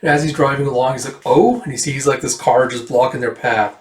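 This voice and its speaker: A man's voice: mid-range voice, steady tone, fast talker. A man casually reading through a comic and reacting, with fillers and swearing. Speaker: comic reader and reviewer. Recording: roomy, distant mic.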